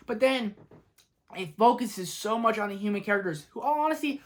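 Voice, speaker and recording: A woman's voice: fairly high pitch, fairly quick, fairly bright tone. A woman vlogger chatting enthusiastically as she ranks movies, opinionated and talking straight to her viewers. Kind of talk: casual movie ranking vlog.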